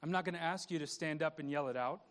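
A man's voice: on the high side, quick pace, fairly bright tone. A man pastor preaching a conversational sermon, repeating words and asking the congregation questions.

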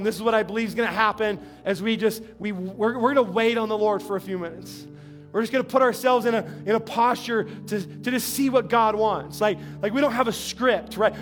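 High-voiced pastor preaching over soft music. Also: male voice. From New Mexico. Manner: conversational, repeats words, shifts to slow earnest tone. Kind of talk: sermon.

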